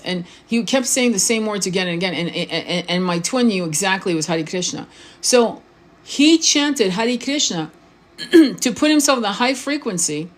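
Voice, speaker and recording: Animated and mid-range, this woman speaks at normal speed. A spiritual coach and tarot reader, she gives a blunt, informal live-stream monologue, cursing freely, restarting words, and frequently questioning the viewer.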